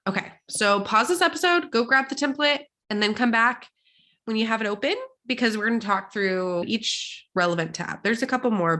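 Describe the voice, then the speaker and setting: Young adult woman from Texas, podcast host; upbeat, direct, a little congested with vocal fry. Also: mid-range voice, bright, forceful tone. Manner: upbeat and chatty, addressing listeners directly. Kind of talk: solo podcast teaching.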